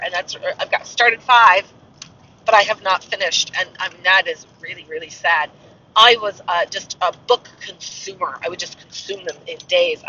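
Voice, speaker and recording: A woman's voice: mid-range voice, bright, forceful tone, a little hiss or hum. A woman in her forties chatting casually as she drives, rambling and jumping from tangent to tangent about whatever she passes. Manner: rambling, jumps to tangents about passing sights. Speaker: podcaster. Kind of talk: casual chat while driving. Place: inside a car on a country road. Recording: dull, muffled audio from a distance.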